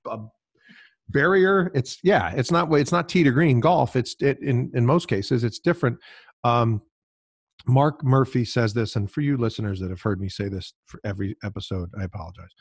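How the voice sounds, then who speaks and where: A man hosting an interview podcast, asking quick questions with enthusiasm. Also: mid-range voice, husky. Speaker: podcast host. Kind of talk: casual interview talk.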